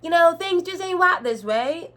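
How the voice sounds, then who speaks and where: A woman's voice: very high-pitched, animated, moderate pace, a bit bright, pitched above the performer's own voice. A woman putting on a swaggering country sheriff voice with an exaggerated, hammy drawl.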